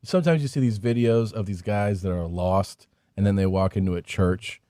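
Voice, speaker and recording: A man's voice: deep voice, steady tone, moderate pace, warm tone, no room sound, studio quality. A male comedian in casual podcast chat, easygoing and offhand, often chuckling.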